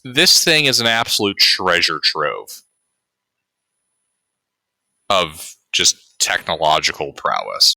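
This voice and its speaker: A man's voice: low voice, huge pitch swings, slow, gravelly, long pauses, sharp tone, dry recording. A man running a tabletop game as game master, laid-back, laughing often and swearing casually, talking over a remote call mic.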